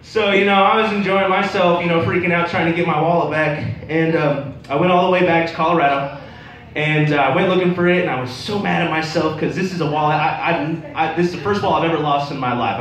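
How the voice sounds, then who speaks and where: A man's voice: on the high side, fast, a bit bright. A young man doing a stand-up set at an open mic, telling stories with lots of filler words. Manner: rambling storytelling with many fillers. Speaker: stand-up comedian. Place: bar open mic night. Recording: roomy bar sound from a distance.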